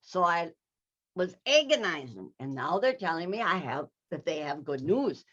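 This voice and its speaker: A woman from Wisconsin giving a storytelling keynote talk, animated and often addressing her audience. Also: on the low side, moderate pace, slightly rough, dull audio. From Wisconsin, United States. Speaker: keynote speaker.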